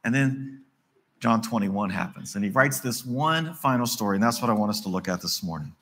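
A man's voice: on the low side, a little fast, sharp tone. A man from West Virginia, preaching a conversational sermon and acting out the dialogue of the stories he tells. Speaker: pastor.

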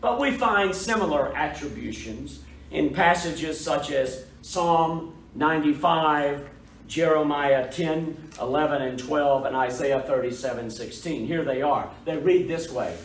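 A man with an East Texas accent teaches a Bible study from the pulpit, speaking in a measured, emphatic way that circles back on key phrases. His voice sits a little high. It is picked up from a distance in a reverberant church, with a faint hum of room noise behind it. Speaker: pastor. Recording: echoey room, mic far off.

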